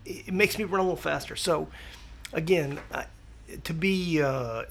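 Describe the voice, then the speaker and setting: A man talks as a guest on a podcast, his voice a bit gravelly with a faint hiss of noise behind him. He tells stories in a lively, animated way, restarting sentences and slipping into the voices of people he quotes. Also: a little high, normal speed. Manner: animated storyteller, lots of restarts and acted-out quotes. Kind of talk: casual interview chat.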